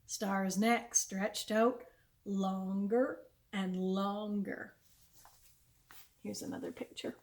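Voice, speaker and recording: A woman, a children's librarian, reading a chapter book aloud with clear, expressive storytelling. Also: mid-range voice, extremely slow, pauses often.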